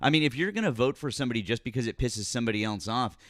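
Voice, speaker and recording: A man's voice: mid-range voice, expressive, rapid-fire, no echo, studio quality. A man hosting a live political call-in show, mocking and needling a caller and repeating himself. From Massachusetts. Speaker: political talk show host. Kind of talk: heated live call-in debate.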